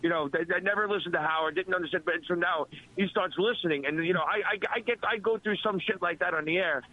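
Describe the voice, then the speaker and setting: A man's voice: high voice, fast, phone-quality sound. A man calling into a radio show by phone, telling stories emphatically with lots of swearing. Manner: profane, emphatic storytelling. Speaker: phone-in guest, former radio staffer. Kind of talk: casual phone chat. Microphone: phone line.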